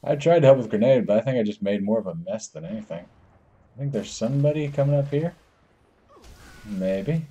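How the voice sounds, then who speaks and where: Jokey, excitable gameplay commentator man. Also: fairly low pitch, fairly quick, pauses often, husky, lo-fi sound. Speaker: gaming channel host.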